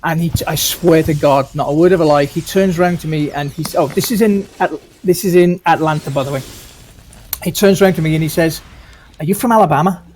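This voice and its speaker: A man's voice: on the high side, brisk, slight background noise. Man telling an emphatic story. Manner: emphatic, animated anecdote. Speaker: gamer in voice chat. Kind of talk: casual storytelling.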